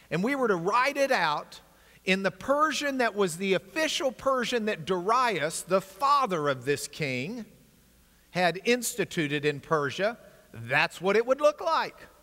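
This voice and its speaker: A Bible class teacher with a strikingly high, bright voice delivers a lively lecture, his pitch swinging widely as he explains and jokes with the room. His energetic, animated storytelling includes asides to the class, echoing with the long reverb of a large hall.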